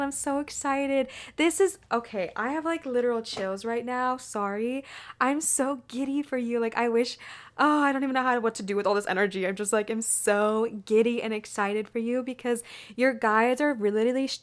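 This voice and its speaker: A young woman giving an excitable, gushing pick-a-card tarot reading in a chatty way. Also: on the high side. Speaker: tarot reader.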